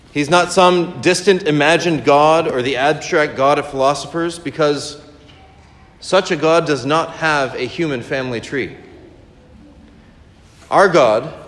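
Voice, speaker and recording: A man delivers a sermon in a slightly raised voice. It rolls through a long chain of rhetorical questions, then eases into quieter commentary. A long reverb trails each phrase. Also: fairly high pitch. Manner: reads a quoted text aloud, then comments quietly; rhythmic, repetitive rhetorical questions. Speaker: preacher.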